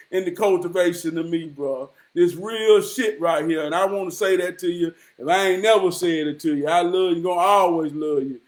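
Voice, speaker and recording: A man in his forties giving an impassioned, profane motivational monologue, dropping to hushed murmurs and then rising to shouts. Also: high-pitched. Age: 40s. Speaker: motivational vlogger.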